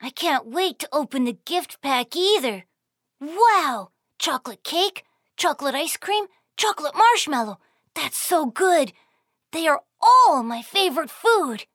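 A sweet, curious little panda girl from a children's cartoon. The voice sits extremely high and sparkles with brightness, and she talks slowly in a bubbly, sing-song way, right at the viewer. The recording is dry and close. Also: big pitch swings, no echo, heavily acted. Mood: cheerful. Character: cheerful young female panda, sweet and curious. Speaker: cartoon host character.

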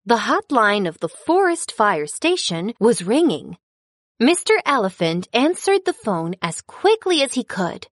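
A woman narrating a children's storybook in an expressive, storytelling manner. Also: a little high, a little slow, no room sound. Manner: expressive, storytelling with sound effects.

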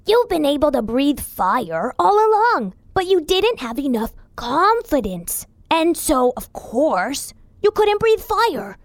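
A high, gravelly little fire elf boy, as a woman plays him in a children's audio story, proud and sure of himself. His lines come slow and lively in pitch, recorded close and dry. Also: no echo, full character voice. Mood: confident. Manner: confident, a bit boastful. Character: cocky small male fire elf, wise and proud.

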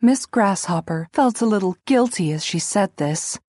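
A woman narrating a children's storybook in a gentle, expressive way. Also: mid-range voice, normal speed, no echo, studio quality.

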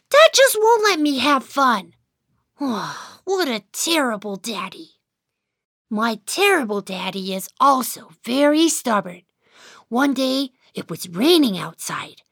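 Whiskers, a sulky baby mouse. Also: female voice, high voice, sing-song, takes it slowly, vocal fry, a bit bright, no room sound, clean studio sound, full character voice. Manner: sulky, sighing, then giddy. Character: unhappy little boy mouse, grumbling and playful. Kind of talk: first-person storybook narration.

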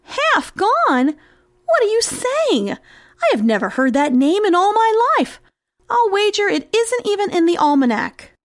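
A woman voicing a small, trusting and curious mouse in a read-aloud storybook, with high exclaiming lines. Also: big pitch swings, unhurried, no room sound, clean studio sound, heavily acted.

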